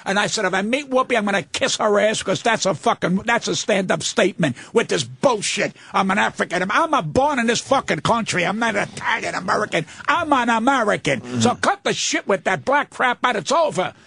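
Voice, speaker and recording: An older man with a gravelly, husky voice, pitched a little high for his age, rants and curses his way through a radio interview. His delivery is combative and blunt. The recording is dry and close, with no room sound. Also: expressive, a little fast, few pauses, pushed and bright, dry recording. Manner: profane, combative ranting. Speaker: comedian guest. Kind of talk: radio talk show banter.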